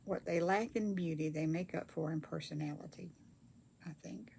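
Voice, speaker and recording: An older woman with a drawl talks to her viewers while she works, warm and folksy as she reads their comments aloud. Her voice sits low and has a gravelly edge. A faint hum runs under the phone recording. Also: a little fast. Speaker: craft livestream host. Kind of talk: casual livestream chat while crafting. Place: home craft table.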